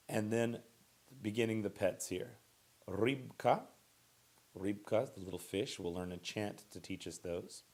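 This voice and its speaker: A young adult man teaching a recorded vocabulary lesson, saying each word twice and stressing syllables clearly in a relaxed, unhurried way. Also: deep voice. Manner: relaxed, with fillers and restarts. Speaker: Russian language teacher.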